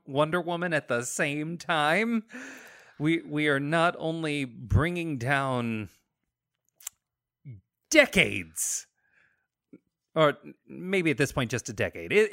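A man's voice: on the high side, fairly bright tone, no echo, studio quality. A man co-hosting a casual movie review chat, ranting with exasperated sarcasm and laughing often. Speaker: podcast co-host.

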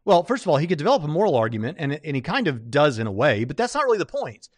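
A man hosts a live stream, talking through a debate in loose, rambling commentary full of fillers and restarts. His voice sits a little high, and the sound is dry and close with no room echo. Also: sing-song, rapid-fire. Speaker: livestream host reviewing a debate.

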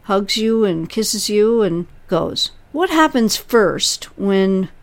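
A woman's voice: mid-range voice, big pitch swings, takes it slowly. A woman hosting as a relationship coach, advising a listener emphatically and explaining through analogies.

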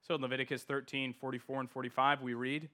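A man preaching a sermon as pastor, emphatic, slowing down to stress key words. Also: medium pitch, level tone, pushed and bright.

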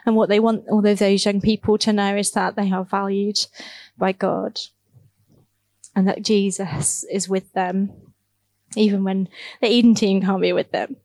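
Woman, youth worker addressing her church. Casual, earnest storyteller, mid-pitched, dry close mic. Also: a little mellow, no room sound. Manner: casual, earnest, laughs at her own stories, many fillers like "like". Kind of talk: church talk, personal storytelling.

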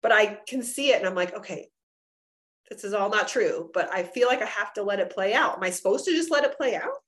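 A woman's voice: medium pitch, animated, fairly quick, fairly bright tone. A woman co-hosting a podcast in casual chat, talking in loose run-on sentences full of "like" and acting out the voices she quotes. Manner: chatty, filler-heavy, acts out quoted voices. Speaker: podcast co-host.

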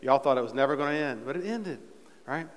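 A man's voice: mid-range voice, expressive, quick pace. A man preaching a sermon as pastor, talking casually with fillers and building to fervent emphasis. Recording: long reverb in a church hall.

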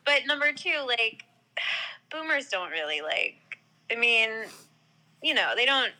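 A woman's voice: a little high, big pitch swings, slow, bright, forceful tone, poor audio. A young woman from the New York area in casual chat, rambling with many filler words.

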